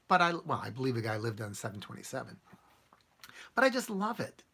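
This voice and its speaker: A man with a gravelly, bright voice chats with his live-stream viewers in an easy, rambling way. His pitch rises and falls a lot, and he chuckles between thoughts. He answers comments one by one, as they come in. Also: very animated, brisk. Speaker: channel host answering live chat. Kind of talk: casual live-stream chat.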